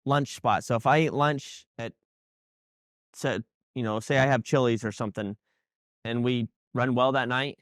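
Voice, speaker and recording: A male racing driver as a talk-show guest, mid pitch, recorded close and dry. He talks in a relaxed, easygoing way and jokes at his own expense. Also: normal speed, no echo. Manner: easygoing, self-mocking humor. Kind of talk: casual interview chat.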